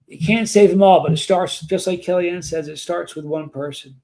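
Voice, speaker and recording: A man's voice: on the high side, measured pace, darkish tone. Earnest rambling man on a livestream. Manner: earnest, rambling, emotional, restarts often. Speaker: livestream host. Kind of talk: emotional livestream talk to chat.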